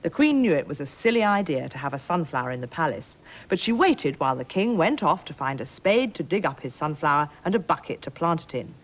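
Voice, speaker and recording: Expressive woman storyteller. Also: deep voice, brisk. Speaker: presenter. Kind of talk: children's storybook narration.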